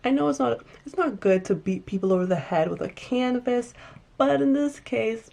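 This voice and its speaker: A woman casually recapping and reviewing a TV episode, animated and emphatic, often restarting sentences. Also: on the high side, normal speed, creaky.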